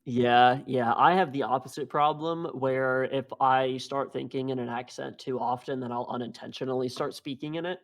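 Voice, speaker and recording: A man co-hosting a podcast in casual chat, rambling with restarts and quick laughs. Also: medium pitch, fairly even intonation. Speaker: podcast co-host.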